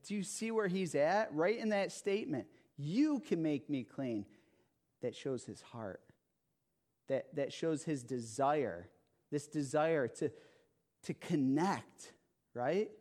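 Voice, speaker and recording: A male pastor delivers a sermon in a slow, deliberate way, leaning on repetition and emphasis. His voice sits a little higher than most men's. He keeps checking in with the congregation with "okay?" and "right?". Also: animated, a little mellow.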